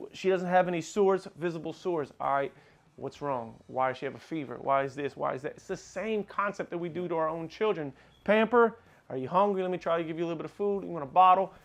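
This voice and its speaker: On this podcast, a co-host who breeds dogs lectures with insistent emphasis, acting out small scenes as he explains. The chat is casual, and his pitch sits fairly high for a man.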